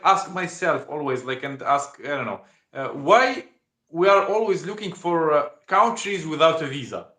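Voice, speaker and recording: Halting higher-voiced man, echoey room. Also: sharp tone. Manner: halting, searching for words. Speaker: co-streamer. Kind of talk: casual chat. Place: in Turkey.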